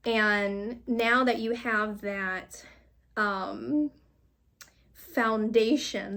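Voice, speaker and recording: A woman with a slightly high voice reads tarot cards in a loose, chatty way. She rambles and circles back to her points, encourages the listener warmly through her words and keeps laughing as she goes. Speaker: tarot reader. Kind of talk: casual spiritual card reading.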